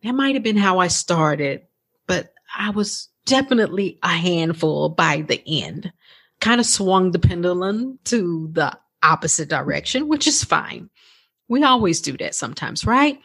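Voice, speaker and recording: A woman's voice: fairly low pitch, animated, a little slow, a bit bright, husky. A woman hosting her own coaching podcast, talking in a chatty, encouraging way with frequent laughs and questions to her listeners. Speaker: podcast host and life coach. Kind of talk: casual motivational podcast talk.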